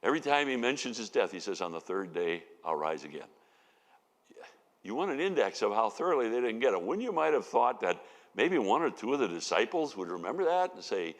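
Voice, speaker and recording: A man's voice: fairly low pitch, big pitch swings, moderate pace. A man giving a conversational sermon as a Bible teacher, telling the story with folksy asides. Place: church sanctuary. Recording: long reverb of a church hall.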